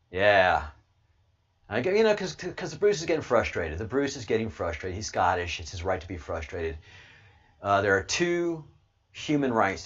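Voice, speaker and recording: Male channel host from the US, lower voice, rambling and excitable, loud bursts between mutters, dull lo-fi audio. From United States. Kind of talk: casual livestream monologue.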